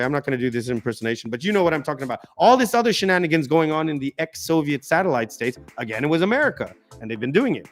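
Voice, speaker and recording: A man's voice: a little high, big pitch swings, very fast, few pauses, soft background music. A man hosting a live political stream, giving emphatic, ranting commentary full of restarts.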